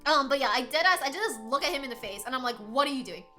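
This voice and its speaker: A young adult woman streamer telling a story to her chat in a casual, animated way, laughing often and swearing freely. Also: high voice, very fast, soft background music. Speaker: livestreamer.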